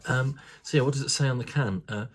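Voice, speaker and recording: A man's voice: mid-range voice, fast talker. A man casually reviewing a craft beer, chatty and rambling, with casual swearing.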